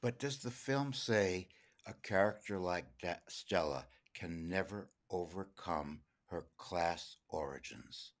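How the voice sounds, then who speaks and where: A man's voice: low voice, lively intonation, slow. A man co-hosting a podcast, analyzing a classic film and putting probing questions to his co-host. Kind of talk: casual film discussion.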